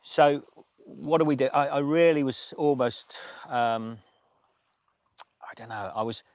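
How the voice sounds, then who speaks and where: A man hosting a livestream, telling a story in a casual, emotional way with many halting restarts. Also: mid-range voice, no echo, highs cut off. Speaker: livestream host.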